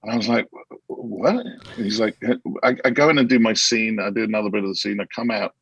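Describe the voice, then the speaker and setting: A man, an actor guest in a casual interview, telling animated anecdotes with many restarts and acting out quotes. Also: on the low side, fast talker, gravelly, breathy edge, no room sound, poor audio.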